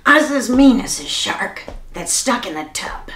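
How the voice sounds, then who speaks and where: A woman voicing a gruff, bossy male pirate captain who bellows in pirate slang in a children's storybook reading. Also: on the high side, big pitch swings, measured pace, a bit bright, roomy sound. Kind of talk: storybook read-aloud for children.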